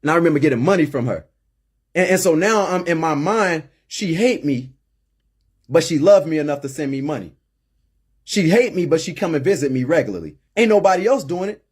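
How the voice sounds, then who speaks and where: A man's voice: fairly high pitch, lively intonation, fairly quick, slightly rough. A middle-aged man hosting a call-in show, talking emphatically and repeating words as he gets worked up. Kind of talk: impassioned monologue.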